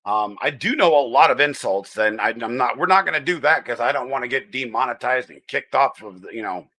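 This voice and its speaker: A man's voice: mid-range voice, animated, brisk, pushed and bright. An American man hosting a casual livestream, chatting in a rambling way and greeting viewers by name. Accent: General American. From United States. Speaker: livestream host.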